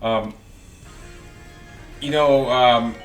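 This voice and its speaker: A man's voice: mid-range voice, fairly even intonation, drawn-out words, recorded from a distance. A man co-hosting casual gameplay commentary in a laid-back, bantering way, in a roomy off-mic recording with faint game music. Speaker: co-host.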